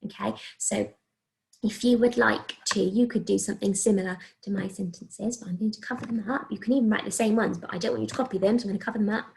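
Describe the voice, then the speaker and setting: Primary teacher, woman, slightly gravelly, patient sing-song phonics delivery, stretched syllables. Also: medium pitch, fairly even intonation, darkish tone, slight background noise, poor audio. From England. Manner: slow, sing-song, sounding out letters and words. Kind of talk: remote phonics writing lesson for young children.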